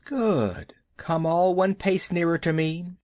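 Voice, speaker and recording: A man voicing a giant male python in a children's audiobook, drawn-out and commanding. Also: darkish tone, no room sound, clean studio sound. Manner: drawn-out, commanding, high and slow. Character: hypnotic giant male python, slow and menacing. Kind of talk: audiobook character voice.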